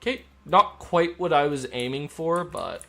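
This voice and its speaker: Young guy rambling and joking on stream, bouncy voice, quiet music and typing behind. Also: a little high, very animated, moderate pace, creaky. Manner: joking, rambling, reads chat aloud. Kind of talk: casual live-stream chat while gaming.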